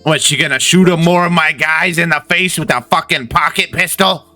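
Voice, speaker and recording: Man doing a kobold gang boss, high and brash, bright voice, dry sound. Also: normal speed, no echo, faint music behind. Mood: belligerent. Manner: swearing, blustering, defensive.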